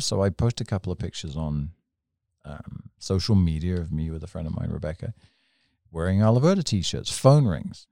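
A man from England, telling rambling stories on a podcast in a lively, animated way. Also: deep voice, no room sound, studio quality. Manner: animated, rambling, laughs often. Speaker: storyteller, podcast guest. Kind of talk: casual anecdotal storytelling.

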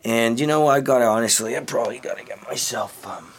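A stammering, flustered suspect. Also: male voice, mid-range voice, quick pace, husky. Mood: indignant. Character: flustered, indignant middle-aged man being accused. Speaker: interviewee. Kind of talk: comedic audio drama acting.

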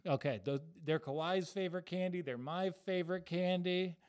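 Smooth, slightly high-voiced joking host. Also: male voice, moderate pace, darkish tone. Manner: joking, self-deprecating, riffing with co-host. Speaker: podcast host. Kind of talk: casual sports betting podcast chat.

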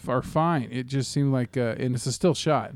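A middle-aged man chatting casually about movies, rambling loosely and breaking into laughter. His voice is mid-pitched and dry, recorded close with no echo. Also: normal speed. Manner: rambling, laughs often, profane. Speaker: podcast co-host.

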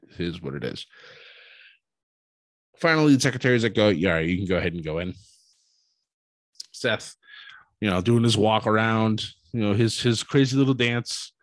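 A man recapping a wrestling show in a casual, animated storytelling way, acting out what people said. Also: fairly low pitch, moderate pace, long pauses, dry recording. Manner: animated storytelling, acts out quotes.

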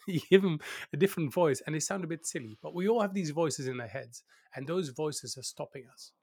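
A man giving candid advice as an interview guest, lively and laughing, often acting out the doubting voices he quotes. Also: on the high side, a little fast, vocal fry, slightly rough, no echo, clean studio sound. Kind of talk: casual interview conversation.

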